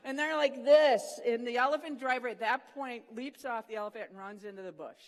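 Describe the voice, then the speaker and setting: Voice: high voice, moderate pace, few pauses, long reverb tail. A speaker at a morning session of a Christian student program, telling a funny story in a devotional talk and acting out the quotes. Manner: animated storyteller, acts out the quotes.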